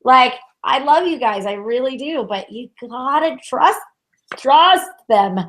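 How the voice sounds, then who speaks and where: A woman co-hosting a tarot chat in a casual, emphatic way, full of "like" and quick laughs. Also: sits high, expressive, fairly bright tone. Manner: emphatic, exasperated, laughs often, says "like" a lot. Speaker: co-host tarot reader.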